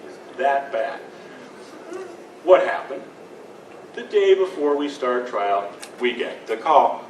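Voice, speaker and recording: A man's voice: mid-range voice, sing-song, normal speed. A man, a lawyer, telling stories to a convention audience with laughs and mimicked quotes. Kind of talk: animated storytelling to an audience. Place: convention panel room. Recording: echoey room from far off with noise.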